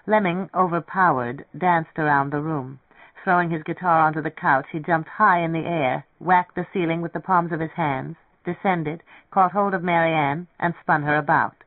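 A narrator giving a measured, steady reading of a novel. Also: medium pitch, no echo. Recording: tinny, dry radio broadcast.

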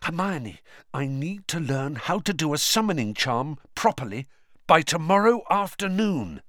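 A man's voice: a little high, big pitch swings, unhurried, fairly bright tone, dry recording, clean studio sound, voice pushed up. A man doing an earnest, frustrated teenage boy. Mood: urgent.

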